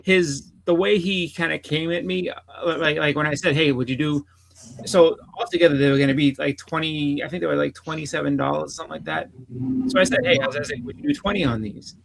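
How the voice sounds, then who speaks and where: A man's voice: on the high side, a little fast, vocal fry, background noise. A man on a casual podcast telling a long rambling story, repeating "I was like" and swearing freely. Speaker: podcast co-host.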